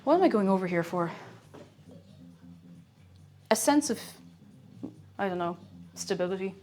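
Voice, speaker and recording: A woman's voice: mid-range voice, animated, unhurried, warm tone. A young woman streamer chatting casually and rambling while she cooks, with frequent exclamations. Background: faint music.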